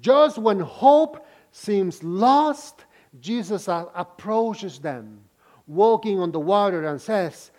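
A man's voice: high-pitched, animated, slow pace, darkish tone. A man preaching a sermon, reading scripture and explaining it to listeners with frequent questions and restarts. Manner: repeats words and restarts phrases.

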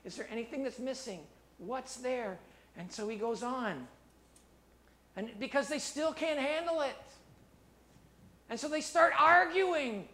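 Guy preaching a sermon, kinda high voice, goes quiet and low for scripture then gets loud and excited. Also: a little slow, long pauses. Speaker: pastor.

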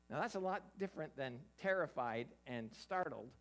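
Animated preacher, sing-song pitch, questions the crowd, stumbling restarts, sermon. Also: normal speed, hardly any pauses. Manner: animated, quizzes the audience; stammers and restarts often. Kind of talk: interactive Bible sermon.

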